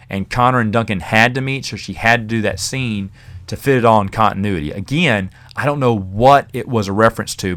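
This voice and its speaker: A man's voice: fairly low pitch, a bit bright. A man hosting a podcast, casually reviewing a novel in a rambling, chatty way with fillers and the odd chuckle. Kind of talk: casual spoken book review.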